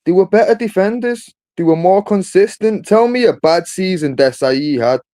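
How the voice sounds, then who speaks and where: A man's voice: sits high, expressive, normal speed, dark tone, no room sound. A man in a casual football debate, emphatic and argumentative, tossing in "bro" often. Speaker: football podcast host.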